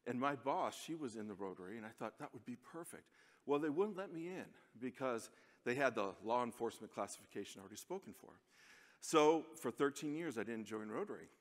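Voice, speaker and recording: A man's voice: mid-range voice, lively intonation, a little fast. An American man giving a chatty, self-deprecating conference speech from a stage, laughing often. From United States. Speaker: conference speaker. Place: large conference hall. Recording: long reverb of a large hall.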